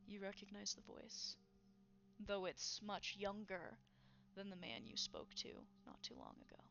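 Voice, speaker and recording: Slow, atmospheric woman game master. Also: medium pitch, fairly even intonation, creaky, bright, forceful tone, dull audio. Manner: measured, atmospheric narration. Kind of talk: narrating a tabletop game.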